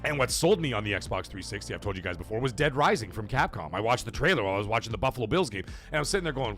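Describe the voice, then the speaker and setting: A man in his thirties hosting a live gaming stream, chatting and reading viewer super chats, breaking into loud excited shouts. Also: medium pitch, very fast, few pauses, soft background music. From Canada. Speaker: host of a gaming livestream.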